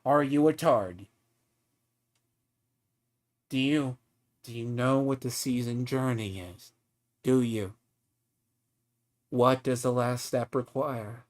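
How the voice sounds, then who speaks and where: A man's voice: mid-range voice, slow pace, pauses often. A man streaming a game, ranting at another player in a profane, taunting, mocking way. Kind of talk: heated live-stream rant at a player.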